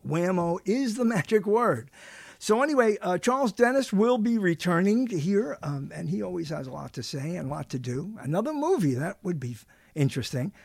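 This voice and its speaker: A man's voice: high voice, very animated, moderate pace, creaky, a little mellow, breathy edge, no echo. A man hosting a talk show, chatting casually in a rambling, joking way with lots of fillers and restarts.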